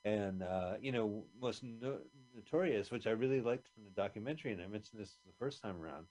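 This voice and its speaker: A man's voice: fairly low pitch, brisk, darkish tone. A man talking casually on a radio show, rambling through film memories and trivia. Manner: rambling, chatty, trivia-minded. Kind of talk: casual movie commentary chat.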